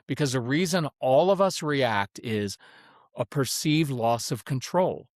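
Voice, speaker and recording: A middle-aged parenting coach, a guest on a podcast interview, speaks with a medium-pitched, slightly slow voice in studio-quality sound with no room tone. He animatedly tells stories, acting out quoted voices, then explains his advice matter-of-factly.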